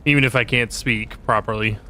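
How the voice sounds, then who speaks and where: A man's voice: medium pitch, steady tone, brisk, sharp tone, a little hiss or hum. A man streaming a video game, chatting casually while stuffy and short of breath from allergies. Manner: laid-back, rambling. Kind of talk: casual live-stream commentary.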